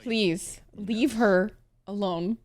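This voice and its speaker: A woman's voice: medium pitch, very slow, a little mellow. A young woman from Egypt giving casual reaction commentary, exclaiming and talking back at the screen. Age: young adult. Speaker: anime reaction streamer. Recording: show music faintly behind.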